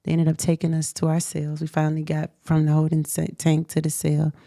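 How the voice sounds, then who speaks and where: A young adult woman hosting a show, telling a personal story in a candid interview, animated and emphatic, laughing often. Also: sits low, a little fast, gravelly, no room sound, studio quality. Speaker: host.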